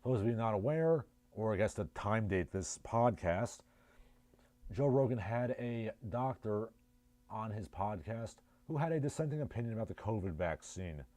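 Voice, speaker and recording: A man's voice: on the low side, expressive, normal speed, a little mellow, no room sound. A man with a New Jersey accent hosting a casual livestream, reading chat messages and riffing with sardonic, rambling asides. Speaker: livestream host.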